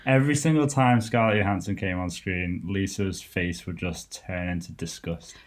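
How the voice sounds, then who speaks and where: A man's voice: sits low, moderate pace. A man co-hosting a podcast, chatting easily and often answering with short agreements. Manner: easygoing, many short agreements. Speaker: podcast co-host. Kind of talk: casual chat.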